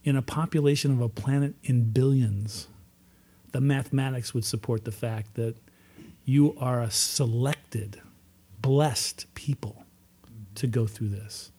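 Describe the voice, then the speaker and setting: Man, recovery meeting speaker, middle pitch, earnest testimony with repeated emphasis. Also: moderate pace, mellow, husky. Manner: earnest storytelling, emphatic repetitions. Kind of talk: personal testimony talk.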